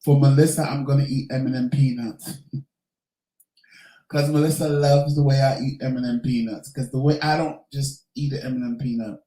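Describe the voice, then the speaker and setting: Guy doing a laid-back q&a vlog, warm mellow voice, echoey room. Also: mid-range voice. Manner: candid, chatty, swears casually. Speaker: vlogger host. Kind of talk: casual Q&A chat.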